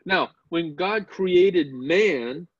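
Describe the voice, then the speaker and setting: A man teaching a Bible class in an earnest, excited lecture, putting questions to his students. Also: high voice, extremely slow, no room sound. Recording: dull lo-fi class recording.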